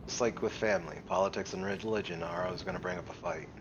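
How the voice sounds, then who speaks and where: A man's voice: low-pitched, fairly even intonation, quick pace, highs cut off, background noise. A man on voice chat giving raid callouts and cracking dry, sarcastic jokes. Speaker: raid teammate. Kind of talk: casual voice chat with game callouts. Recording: game music behind.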